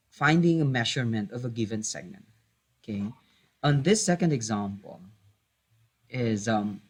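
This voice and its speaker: A man's voice: mid-range voice, breathy edge. A man teaching a math lesson, hesitating with many fillers, correcting himself and patiently repeating key points.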